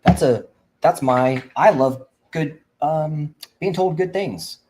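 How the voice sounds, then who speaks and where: A man's voice: on the high side, slow, a little mellow, a little hiss or hum, rough recording. A man hosting a livestream for veterans, preaching fervently and rambling with frequent restarts. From Indiana. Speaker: veteran advocate host. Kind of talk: livestream talk.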